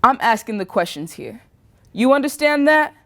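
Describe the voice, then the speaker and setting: A woman voicing a loud, bullying male small-town official who barks and mocks in an interrogation. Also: extremely high pitch, expressive, moderate pace, voice pushed up, heavily acted. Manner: barking, mocking interrogation.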